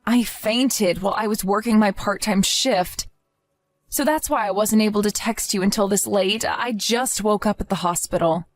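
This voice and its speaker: A woman's voice: medium pitch, moderate pace, lightly acted. A woman voicing a worn-out, pleading young mother. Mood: apologetic. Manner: apologetic, pleading.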